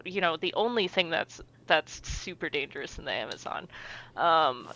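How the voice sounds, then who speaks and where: A young woman co-hosting a casual podcast, chatty and animated. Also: low-pitched, moderate pace, lo-fi sound, slight background noise. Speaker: podcast co-host. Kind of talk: casual chat.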